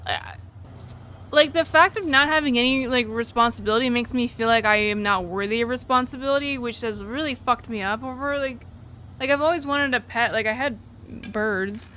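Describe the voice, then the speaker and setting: A woman's voice: fairly high pitch, sharp tone, a little hiss or hum. A young woman live streamer telling a personal story in a casual, rambling way, full of "like" and casual swearing, between reading chat. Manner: rambling, candid, fillers like "like" throughout.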